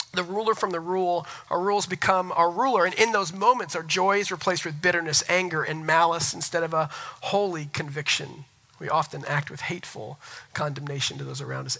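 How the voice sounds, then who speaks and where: A man in his thirties preaching a Sunday sermon. His voice sits a little high and rings very bright, and he hammers points home by repeating words. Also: steady tone, brisk, vocal fry, poor audio. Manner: emphatic, repeats words for stress. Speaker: pastor.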